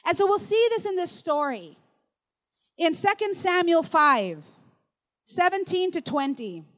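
A woman pastor delivers a sermon in a very high voice. She preaches with emphatic repetition and builds her lines into rising declarations. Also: animated, unhurried, fairly bright tone.

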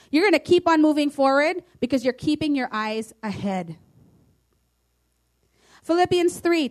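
A woman pastor preaching a sermon, emphatic and declaring, reading scripture aloud. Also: high-pitched.

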